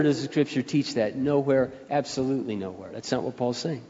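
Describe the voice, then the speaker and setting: A man's voice: mid-range voice, normal speed, hardly any pauses. Emphatic older male preacher in reverberant hall. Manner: emphatic preacher who swings between soft storytelling and loud rising appeals. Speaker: pastor. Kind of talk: sermon. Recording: dull sound with long hall reverb.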